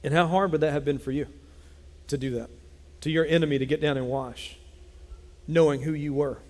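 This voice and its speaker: A man preaching a sermon as pastor, telling a Bible story in an animated way and acting out its characters. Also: fairly high pitch, fairly quick. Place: church sanctuary. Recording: long hall reverb.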